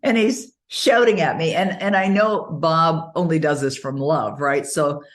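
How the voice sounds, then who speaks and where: A middle-aged woman giving an interview, telling stories in a lively way and often laughing as she talks. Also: deep voice, unhurried. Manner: animated storytelling, frequent laughs. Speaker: interview guest. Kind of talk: casual interview conversation.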